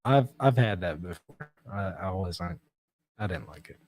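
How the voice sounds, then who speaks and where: A man hosting a livestream, reading out viewer comments in relaxed, self-mocking chat and laughing often. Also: low voice, measured pace. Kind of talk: casual chat.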